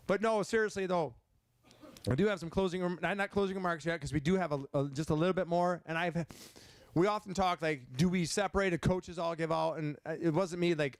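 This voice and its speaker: A middle-aged man from Michigan giving an emotional, halting banquet speech as head football coach. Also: on the high side, clear, resonant tone, no room sound. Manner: emotional, halting, many restarts.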